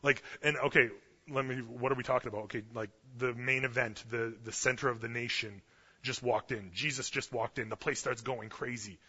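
A young man preaching a casual storytelling sermon, chatty and animated, loudly acting out the quotes. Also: mid-range voice, fairly quick, husky. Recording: muffled lo-fi sermon recording.

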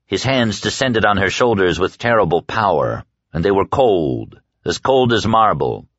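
A man narrating a horror audiobook in a dramatic, expressive storytelling manner. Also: deep voice, moderate pace, hardly any pauses, no room sound, muffled recording. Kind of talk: scripted narration.

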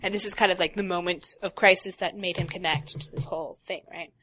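A woman co-hosting a casual talk show, reading a long passage from a novel aloud and breaking off for quiet asides. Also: lowish voice, fairly even intonation, quick pace, a little hiss or hum. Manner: reads prose steadily, drops to quiet asides. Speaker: podcast co-host.

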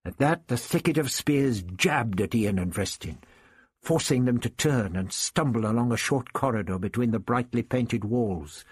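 A man reading an adventure story aloud as narrator, steady and measured. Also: medium pitch, slightly rough, dry recording. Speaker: audiobook narrator. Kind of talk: scripted narration.

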